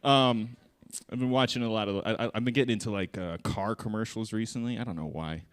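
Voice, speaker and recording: A man's voice: fairly low pitch, a little fast, smooth. Profane man doing a stand-up set. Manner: crude, profane, animated delivery with voiced bits. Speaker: stand-up comedian. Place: comedy theater stage.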